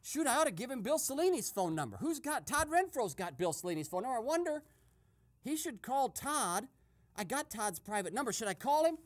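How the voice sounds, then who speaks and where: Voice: medium pitch, very animated, brisk, lightly acted. A performer playing a nosy male eavesdropper in a comic radio sketch, giving breathless running commentary and shushing constantly. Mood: gossipy.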